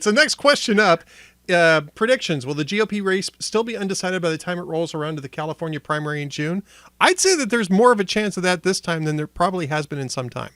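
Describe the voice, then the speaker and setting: A man's voice: high-pitched, a bit bright, no room sound, studio quality. A man with an Upper Midwestern accent hosting a casual political talk show, chatty and jokey, with frequent restarts. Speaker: podcast host.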